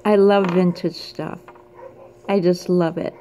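A woman opening a gift box in a casual unboxing vlog, gushing and excitable, squealing and screaming with delight between quieter asides. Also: fairly low pitch, takes it slowly, slight background noise. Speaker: craft vlogger.

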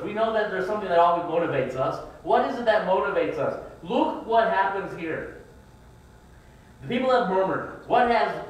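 A man's voice: sits high, slight background noise. A middle-aged man preaching a sermon, telling folksy family stories and acting out his children's whining. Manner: folksy storytelling, acts out his kids' whining voices. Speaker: pastor. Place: church sanctuary. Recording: echoey church room, mic at a distance.

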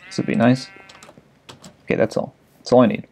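This let's play gamer is a young man whose voice runs fairly quick with a touch of mellowness. He swears his way through frantic, casual commentary while playing a video game.

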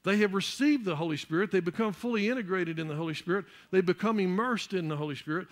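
A man preaching a church sermon, building up to loud, emphatic peaks and repeating words as he searches for the next one. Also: high-pitched, fast. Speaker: pastor.

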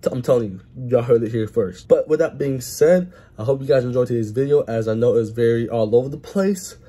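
A man chatting casually to his camera as a vlogger, an excitable sports fan who swears freely and talks with his mouth full. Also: medium pitch, a little fast, slightly rough.

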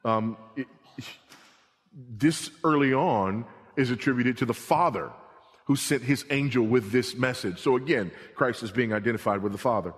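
A middle-aged male pastor preaching a sermon, swinging between emphatic repeated warnings and hushed, low passages. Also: normal speed. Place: church sanctuary. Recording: long reverb of a church hall.

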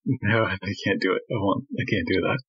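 A man's voice: fairly low pitch, a little fast, slightly rough. A man, a cast member of a tabletop show, chatting in a laughing, self-deprecating way. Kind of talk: casual chat. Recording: dull lo-fi sound.

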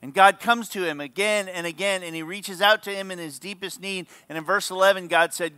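A male pastor delivers an earnest, emphatic sermon in a high, bright voice. His speech is smooth and crisp. The sound is dry, with no room echo. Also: steady tone, a little fast, hardly any pauses.

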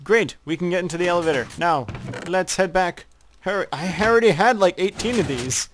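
During a co-op game with his friends, a man swears, ribs them and mock-narrates what's happening. He speaks high-pitched and fairly quickly, with a little hiss or hum in the audio.

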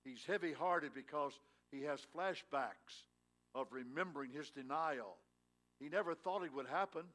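A man's voice: a little high, moderate pace, a bit bright. A male pastor preaching a sermon in a church, telling a Bible story in a folksy way and rising with emphasis. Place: church sanctuary.

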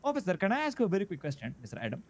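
A man who rattles off his lines at a very fast pace, his high voice bouncing all over the place. He plays a mocking prankster in a role-play game, firing off crude jokes. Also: wildly swooping pitch. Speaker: fellow role-player.

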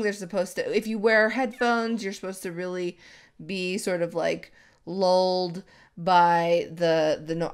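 A woman's voice: medium pitch, clean tone. A woman gaming YouTuber chatting casually and rambling over Minecraft gameplay, laughing at herself often. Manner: rambling, self-deprecating, with frequent laughs.

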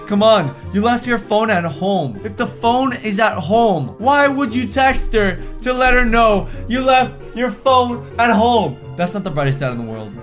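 High-voiced sarcastic young man. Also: big pitch swings, a little slow, hardly any pauses, fairly bright tone, faint music behind. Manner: sarcastic, reads texts aloud in put-on voices. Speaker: reaction video host. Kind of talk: casual reaction commentary.

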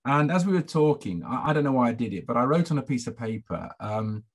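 A middle-aged man with a husky, slightly breathy voice speaks to a conference audience. He tells his story in a halting, reflective way, with many fillers and restarts, at a middle pitch. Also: expressive. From England. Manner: hesitant, many fillers and repeated words. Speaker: conference speaker, former head teacher.

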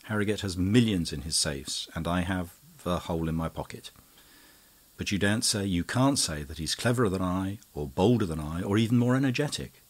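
A grandiose young schemer who declaims his views gravely, in a deep, husky voice, as an audiobook narrator puts him on. He is flamboyant and sly. This is a plain storybook reading. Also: animated, brisk.

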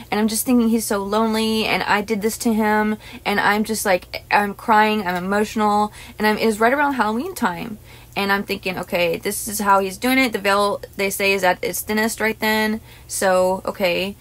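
Woman host, hypnotist, casual vlog story, emotional, rambling, mid pitch. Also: a bit bright. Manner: rambling, emotional, many restarts and asides.

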